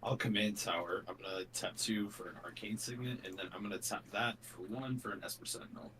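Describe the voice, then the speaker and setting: A man's voice: lowish voice, fairly even intonation, a little fast, fairly bright tone. A man in his thirties chatting casually over a voice call during a card game, laid-back and joking. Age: 30s. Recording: distant mic with faint noise.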